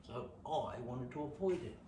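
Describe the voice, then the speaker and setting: A man's voice: medium pitch, lively intonation, normal speed, slight background noise. Australian man telling a sweary story. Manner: swearing, jumps between whispers and shouts. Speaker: stand-up comedian. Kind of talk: stand-up storytelling rehearsal. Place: room at home. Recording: echoey room, distant mic.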